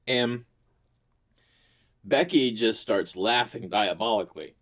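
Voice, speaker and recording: A man's voice: mid-range voice, takes it slowly, pauses often, a bit bright. A man hosting his own channel, telling a crude, rambling comic story full of swearing. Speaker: host. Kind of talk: casual comedic storytelling.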